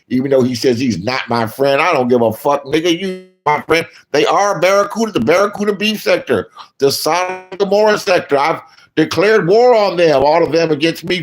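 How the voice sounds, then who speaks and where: A man rants casually as a commentating streamer, profane and blunt, lurching between low mutters and loud outbursts.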